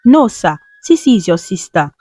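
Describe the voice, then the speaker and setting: A woman's voice: mid-range voice, big pitch swings, moderate pace, warm tone, husky, no room sound, faint music behind. A woman voicing a polite, deferential housemaid in a storybook reading. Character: polite quiet female maid.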